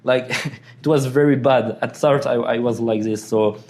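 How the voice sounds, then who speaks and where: A man's voice: mid-range voice, fairly even intonation, unhurried, darkish tone. Young man with a French accent. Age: young adult. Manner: non-native phrasing, laughs while telling stories. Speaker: sales closer. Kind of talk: casual podcast chat.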